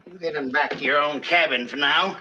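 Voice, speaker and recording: Sneering overseer, bossy, bright higher voice. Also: male voice, a little fast, slight background noise, rough recording. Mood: taunting. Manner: taunting, bossy. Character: harsh mocking white plantation overseer.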